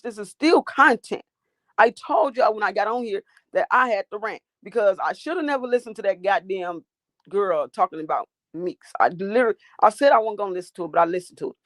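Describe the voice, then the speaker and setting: Here the host sounds animated and a bit fast, her pitch in the middle range. Streaming live from her phone, she swears and picks fights with her chat in a sassy rant, and the audio carries no room sound.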